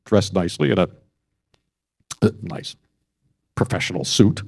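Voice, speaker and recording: An older man and broadcast journalist telling stories at a press club event, halting often and restarting his sentences. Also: low-pitched, animated, vocal fry, breathy edge. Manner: halting, with many restarts and fillers.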